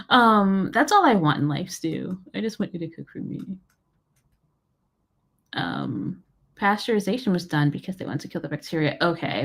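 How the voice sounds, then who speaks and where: An American woman chats loosely as she hosts a livestream. Her voice sits a little low. She wanders between thoughts with plenty of fillers and easy laughter. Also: vocal fry, breathy edge. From United States. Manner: rambling, full of fillers and laughs. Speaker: livestream host. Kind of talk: casual livestream chat.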